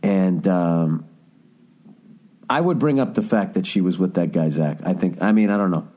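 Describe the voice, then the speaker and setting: A man in his forties rambles through a solo comedy podcast with a low voice. His tone is warm and relaxed, and his delivery is profane and animated. He keeps breaking off to correct himself. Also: normal speed. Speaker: podcast host.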